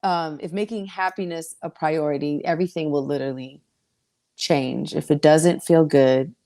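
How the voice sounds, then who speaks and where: Gravelly-voiced woman, animated podcast guest. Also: low-pitched, normal speed. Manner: animated, profane storytelling with slang. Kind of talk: casual podcast chat.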